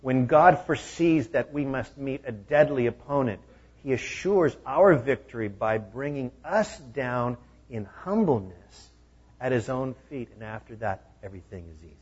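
A pastor preaching a sermon in a conversational style, driving points home with emphatic repeated phrases. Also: male voice, medium pitch, animated, normal speed, husky, highs cut off.

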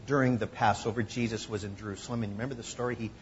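A man preaching a conversational sermon, teaching from scripture and acting out quoted voices with lively emphasis. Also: lowish voice, rapid-fire, highs cut off, a little hiss or hum. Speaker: pastor.

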